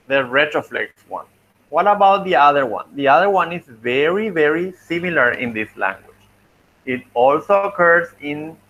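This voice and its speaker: A man teaching a linguistics class, talking slowly and thinking aloud as he works through examples. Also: mid-range voice, pushed and bright, highs cut off. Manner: slow, thinking aloud while writing, frequent "okay" and "let me see". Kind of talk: online class lecture.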